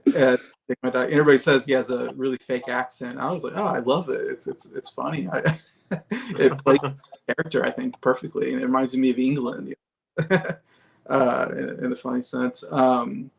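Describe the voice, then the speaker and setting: A man as a podcast guest, rambling in casual chat with many fillers and soft laughs. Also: medium pitch, steady tone, moderate pace, vocal fry.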